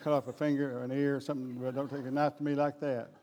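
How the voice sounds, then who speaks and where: A man's voice: mid-range voice, flat delivery, quick pace, in a large hall, music in the background. A man preaching a humorous sermon in a folksy, jokey way. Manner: folksy, jokey, addresses crowd as guys.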